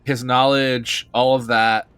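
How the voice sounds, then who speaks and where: A man's voice: medium pitch, little pitch movement, slow, a bit bright, clear, resonant tone. Blunt rambling male streamer. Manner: rambling, hesitant, restarts, blunt. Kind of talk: casual commentary over a game.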